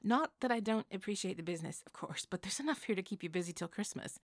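A woman's voice: mid-range voice, lively intonation, fast, no echo, studio quality, lightly acted. A woman voicing a teasing, protective young woman who questions her twin brother in a storybook reading. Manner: teasing, demanding.

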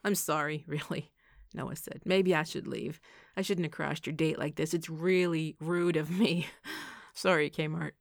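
A woman's voice: low voice, steady tone, measured pace, vocal fry, no echo, clean studio sound. A woman reading the part of a playful, teasing young man in an audiobook, speaking grandly and boisterously.

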